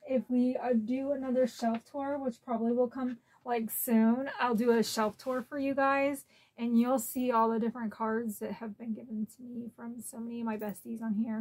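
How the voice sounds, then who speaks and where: A woman talks through a casual unboxing vlog at home in a slightly raised pitch. She is chatty and openly emotional, sometimes close to tears. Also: little pitch movement, moderate pace, darkish tone. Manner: chatty and emotional, tearful at times. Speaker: collector channel host.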